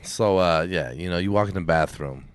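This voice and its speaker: A man's voice: low-pitched, normal speed. A man co-hosting a podcast in casual chat, telling long rambling stories with plenty of swearing and acted-out quotes. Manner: profane, rambling storyteller who acts out quotes. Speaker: podcast co-host.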